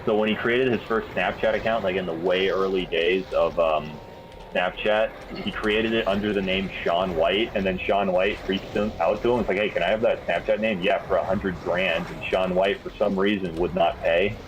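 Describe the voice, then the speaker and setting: A man's voice: low voice, steady tone, normal speed, highs cut off, noisy background. A man telling rambling, laughing anecdotes in a casual chat among friends. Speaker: guest on a gaming stream.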